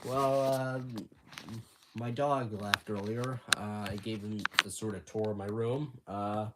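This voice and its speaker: A teenage boy chatting casually on a livestream from his bedroom, halting and rambling with many restarts. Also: fairly low pitch, fairly even intonation, very noisy. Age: teens. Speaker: livestream host.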